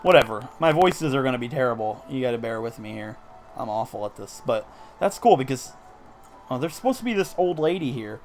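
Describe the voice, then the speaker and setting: A man talks through a video game in casual, upbeat commentary, explaining each move as he goes and poking fun at himself. His mid-pitched voice has a gravelly rasp. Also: lively intonation, a little fast, faint music behind. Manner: upbeat and self-deprecating, explaining moves as he goes. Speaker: let's play commentator.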